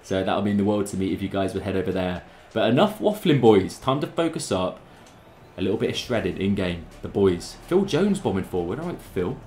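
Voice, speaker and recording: Hyped young lad commentating gameplay. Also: male voice, deep voice, brisk, roomy sound, a little hiss or hum. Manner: excitable, chatty, keeps addressing the lads. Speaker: gaming YouTuber.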